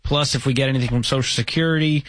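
A man hosting a call-in advice show, giving calm, steady guidance and asking probing questions. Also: medium pitch, racing, dry recording, low-quality recording. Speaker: host.

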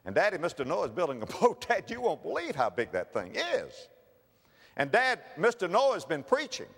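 A man's voice: high voice, wildly swooping pitch, normal speed, a bit bright, long reverb tail, pitched above the performer's own voice, exaggerated voice. A man voicing an eager little boy who pleads with his father in a breathless rush. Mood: eager pleading.

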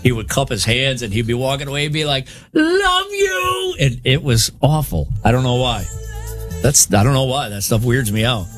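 A man's voice: medium pitch, brisk, faint music behind. A man co-hosting a radio show, telling a story in an earnest, casual way and stumbling over his words. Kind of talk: casual on-air banter.

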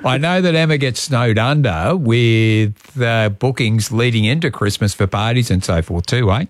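A man's voice: medium pitch, normal speed, dry recording. A man hosting a radio show, casually prompting his guest with short, friendly interjections. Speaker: radio host.

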